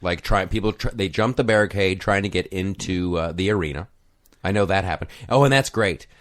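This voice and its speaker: A man's voice: low-pitched, steady tone, a little fast. A man hosting a talk show, riffing sarcastically in casual political banter. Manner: sarcastic, mock-outraged, puts on voices.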